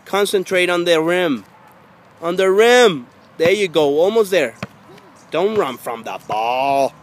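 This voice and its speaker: A man with a fairly high voice coaches a child at a hoop outdoors, repeating short encouragements and pushing her on. His pitch rises sharply when he urges. Faint outdoor noise sits behind him. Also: animated, slow pace. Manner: encouraging, repetitive coaxing, gets loud and high when urging. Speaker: father coaching his daughter at basketball. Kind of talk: casual coaching.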